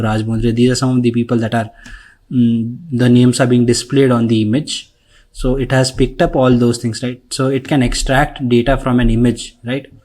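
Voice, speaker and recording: A man leading a screen-share software tutorial, talking conversationally and tagging his sentences with "right?" and "okay?". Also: mid-range voice. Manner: conversational, frequent "right?" tags and fillers. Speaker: instructor. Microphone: recording mic.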